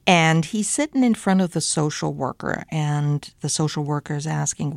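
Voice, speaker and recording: An older woman from Germany with a slight German accent, hosting a radio show in a studio and chatting in an animated, rambling way full of fillers. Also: deep voice, normal speed, gravelly, hardly any pauses, no echo. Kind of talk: casual radio chat.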